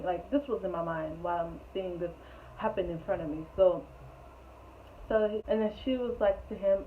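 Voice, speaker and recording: A woman telling a storytime vlog in an animated, rambling way, full of "like", on a tinny, phone-like recording. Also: on the low side, moderate pace. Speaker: vlogger. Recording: tinny phone-like sound, faint hiss.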